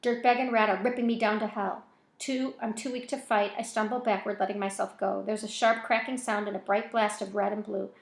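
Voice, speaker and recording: A woman's voice: mid-range voice, steady tone, a little fast, creaky, echoey room. A woman reading a novel aloud in an informal way, with casual self-correcting asides between chapters. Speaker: reader of a novel.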